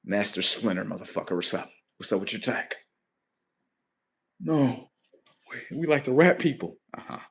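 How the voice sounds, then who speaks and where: A man hosting a livestream, swearing heavily in a mocking rant that swings between loud high outbursts and low muttering. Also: lively intonation, moderate pace, creaky, long pauses, slightly rough. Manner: heavy swearing, mocking, talks at the audience. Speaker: livestream host.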